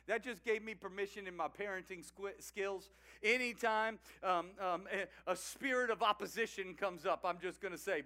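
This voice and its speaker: A male pastor preaching with an animated, emphatic delivery and quick laughing asides. His voice sits high for a man and rings bright and forceful. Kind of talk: sermon.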